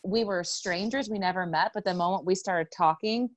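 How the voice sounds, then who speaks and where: A woman's voice: mid-range voice, moderate pace, no room sound. A woman hosting a spiritual podcast, talking in an effusive, gushing way as she introduces and chats with a friend. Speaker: podcast host.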